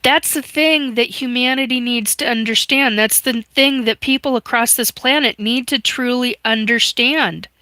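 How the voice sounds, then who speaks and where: A middle-aged woman hosting a livestream, talking haltingly and getting choked up and sniffly as she tells her story and reads out viewer comments. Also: on the high side, pushed and bright, dry recording. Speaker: livestream host. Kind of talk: emotional livestream monologue. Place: home livestream.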